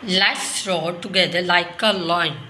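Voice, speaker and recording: Speaking to toddlers in a kids' lesson about animals, a woman uses simple sentences and asks many questions. Her voice is fairly low, sharp in tone, unhurried and fairly even in intonation, recorded in an echoey room with faint noise.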